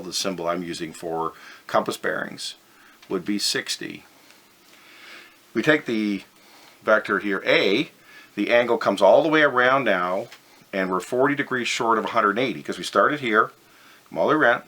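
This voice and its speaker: A man's voice: fairly low pitch, pushed and bright. A man teaching a physics lesson over slides, methodical and step by step, stressing the key words.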